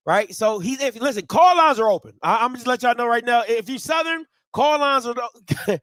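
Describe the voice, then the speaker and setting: A man hosting a sports talk show with a Baltimore accent, speaking in quick, emphatic bursts and sometimes shouting. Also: very high voice, expressive, no echo. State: out of breath. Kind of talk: excited sports commentary with call-ins.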